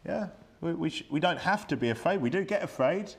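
A man's voice: fairly high pitch, lively intonation, a little fast, noisy background. A man preaching a Bible-study sermon in a conversational way, full of rhetorical questions and reading old-style scripture aloud.

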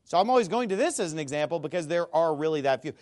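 Man, high and very lively voice, scornful Bible commentator who stammers and shouts. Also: fast. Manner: emphatic, scornful, repeats words, bursts into shouting. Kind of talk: animated video monologue.

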